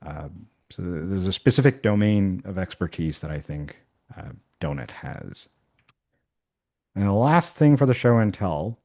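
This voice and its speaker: A man's voice: lowish voice, dark tone. A man who teaches math, walking colleagues through an online activity in a casual way, thinking aloud with fillers and restarts. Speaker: math instructor. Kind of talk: workshop software demonstration.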